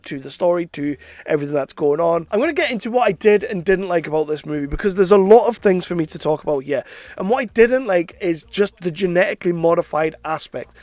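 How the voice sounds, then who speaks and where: A man with a fairly high voice talks through his opinions of a film in a casual, spoken review. He is chatty and frank about what he liked and disliked. The sound is dry and close, with no room echo.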